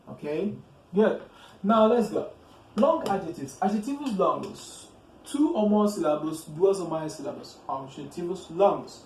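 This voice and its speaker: A man teaching an English grammar lesson, speaking slowly and deliberately, repeating words and checking in with "okay?" after each point. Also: fairly high pitch, expressive, gravelly, a little mellow, a little hiss or hum. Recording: roomy echo with faint ambience.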